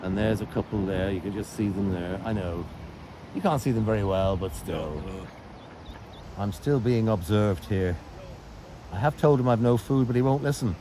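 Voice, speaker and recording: A man's voice: on the low side, normal speed, background noise. An Englishman with a jokey, rambling manner, chatting to viewers on a walking tour through a town park, recorded on a handheld camera while walking.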